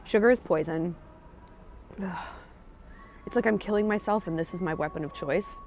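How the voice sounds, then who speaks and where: Chatty, excitable woman vlogging outdoors. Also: on the low side, normal speed, slight background noise. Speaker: travel vlogger. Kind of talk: casual vlog talk to camera. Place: outdoors on a café patio and in city streets.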